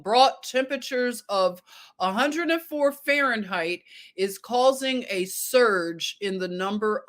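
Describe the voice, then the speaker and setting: A woman's voice: on the high side, a bit bright. A woman hosting a casual livestream, reading news headlines aloud with sarcasm and chuckling at them. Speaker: livestream host.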